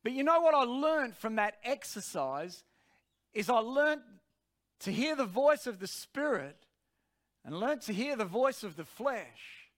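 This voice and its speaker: A man's voice: very high voice, sing-song, unhurried, fairly bright tone. A man preaching a sermon, telling a personal story in an earnest, direct way.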